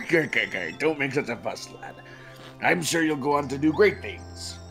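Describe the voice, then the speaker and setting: A game commentator voicing a gruff, fatherly old sailor spirit with a pirate-like growl. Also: medium pitch, expressive, unhurried, a bit bright, faint music behind.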